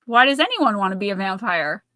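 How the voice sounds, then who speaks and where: Woman host spinning a creepy tale, bright voice, acts out the voices, dry sound. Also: mid-range voice, brisk, dry recording. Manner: animated, acts out quoted voices while retelling a story. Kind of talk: casual storytelling on a live show.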